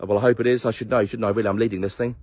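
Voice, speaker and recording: Man, husky and dry, rambling self-mocking vlog to a phone camera outdoors, tired ride leader. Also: fairly low pitch, steady tone, very fast, a little mellow, dry recording. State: tired after little sleep. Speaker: ride leader of a charity motorbike trip. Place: outdoors on a coastal headland. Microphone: handheld phone camera.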